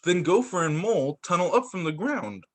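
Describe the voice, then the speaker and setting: A male teacher reading picture books aloud to children over a video call, animated and expressive. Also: high voice, moderate pace.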